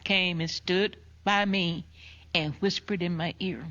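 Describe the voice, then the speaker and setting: An older woman retelling a painful family loss in slow, emotional personal storytelling, dropping to a hush when she quotes. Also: lowish voice, steady tone. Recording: dull lo-fi recording.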